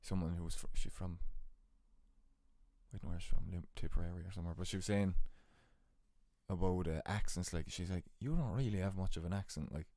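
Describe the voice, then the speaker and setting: A young Irish man with a broad Cork accent, his voice sitting low and heavy. He rambles through stories with easy, jokey banter, recorded close and dry in a bedroom. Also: fairly quick, long pauses, warm tone, no room sound. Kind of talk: casual chat.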